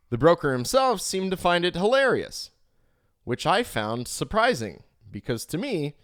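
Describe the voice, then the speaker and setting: A man reading an audiobook aloud expressively, swinging his pitch for emphasis, on a home microphone. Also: dry recording, clean studio sound. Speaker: audiobook reader. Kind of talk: audiobook narration. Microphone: home microphone, live stream.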